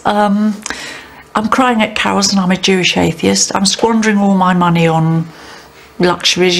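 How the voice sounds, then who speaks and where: Rueful woman with a gravelly voice. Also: fairly low pitch. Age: middle-aged. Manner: self-mocking, rueful. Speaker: interviewee. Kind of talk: casual chat.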